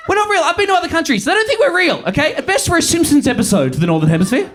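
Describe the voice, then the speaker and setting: An Australian man doing a profane stand-up set, ranting and bursting into shouts. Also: very high voice, big pitch swings, very fast. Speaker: stand-up comedian. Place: comedy venue with live audience. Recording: live club audio with crowd laughter and noise.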